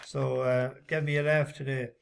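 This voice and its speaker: A man chatting casually in a vlog as a horse racing tipster, rambling with lots of halting fillers. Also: mid-range voice, little pitch movement, creaky, smooth.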